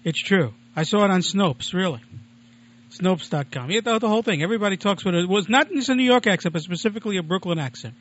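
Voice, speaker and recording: A man's voice: sits high, animated, fast talker, fairly bright tone. A man hosting his own home-made radio show, talking in a chatty, digressive, self-deprecating way. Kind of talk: casual rambling monologue. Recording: lo-fi muffled recording.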